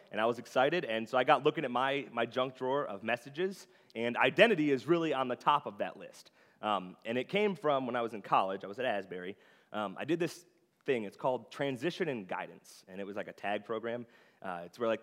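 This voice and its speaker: A man's voice: medium pitch, a bit bright. A young man giving a casual, conversational sermon, full of filler words, in a church sanctuary. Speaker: preacher. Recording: long hall reverb.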